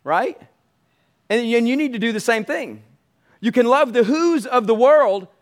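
A man's voice: very high voice, lively intonation, measured pace. A man preaching a sermon as pastor, emphatic and repetitive, calling out to his congregation.

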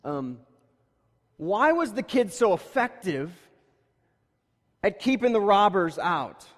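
Preacher with a light voice in a reverberant hall. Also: male voice, high voice, big pitch swings, slow pace. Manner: casual storytelling that rises to emphatic, louder points. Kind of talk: conversational sermon. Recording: long reverb of a large hall.

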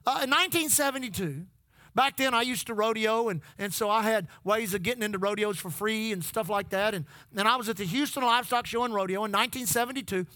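A man's voice: high voice, quick pace, pushed and bright, dry recording. A man, preaching a sermon who repeats his phrases and calls out to the congregation. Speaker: pastor. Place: church.

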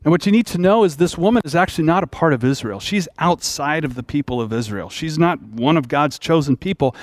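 A man's voice: medium pitch, no room sound, clean studio sound. A man preaching a sermon as pastor, retelling a story in a plain-spoken, conversational way.

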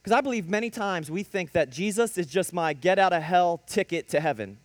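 A male preacher delivering a lively sermon, telling stories and rising to sudden emphatic bursts. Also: sits high, brisk, hardly any pauses, dry recording. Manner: animated preaching with storytelling and sudden emphatic rises.

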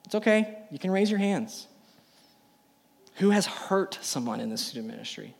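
A man's voice: sits high, sing-song, moderate pace, gravelly. A young adult man preaching a sermon to a youth group, emphatic and full of rhetorical questions. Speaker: youth pastor.

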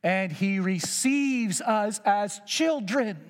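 A man's voice: high voice, lively intonation, takes it slowly, in a large hall. A man preaching a sermon, emphatic and repeating key phrases for weight.

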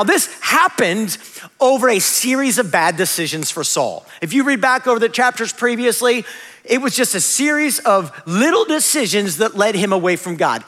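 A man preaching in a high, bright, forceful voice that swings widely in pitch. He talks in a conversational way, catching his own slips and dropping in small jokes. The sound carries a long reverb from a large church hall. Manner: conversational, self-correcting preaching with humorous asides. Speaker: pastor. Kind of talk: sermon.

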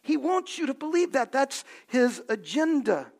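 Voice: high-pitched, very animated, unhurried, darkish tone. A pastor preaching a sermon, asking the congregation questions and building to emphatic points.

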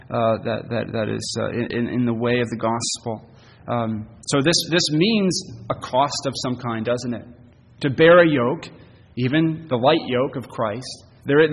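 A man preaching a sermon in an earnest way, often repeating himself and swinging between loud and soft phrases. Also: medium pitch, long reverb tail, slight background noise. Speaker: pastor.

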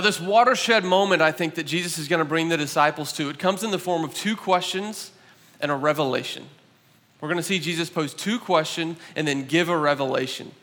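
High, bright-voiced male preacher. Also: big-room sound. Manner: conversational, animated preaching with restarts. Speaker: pastor. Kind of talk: sermon.

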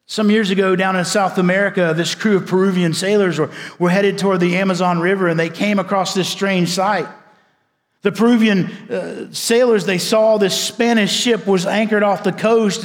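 A man preaching a sermon as a pastor, swinging between loud emphasis and hushed, quiet passages. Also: high-pitched, big-room sound.

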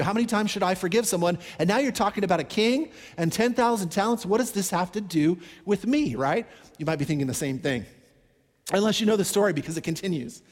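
A man preaching a sermon, telling a Bible story in an animated, conversational way and acting out the characters' pleas. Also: high voice, long reverb tail. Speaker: pastor.

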